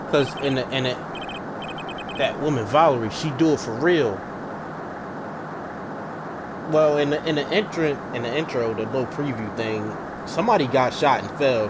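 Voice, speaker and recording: Slangy, excitable man playing a game. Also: mid-range voice, background noise. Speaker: gaming streamer. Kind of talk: casual let's-play commentary.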